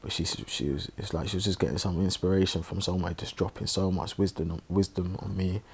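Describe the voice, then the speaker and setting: A man telling a personal story in a halting, reflective way, with many pauses and restarts, sounding subdued and emotional. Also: low-pitched, fairly even intonation, gravelly, breathy edge. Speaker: online religious presenter.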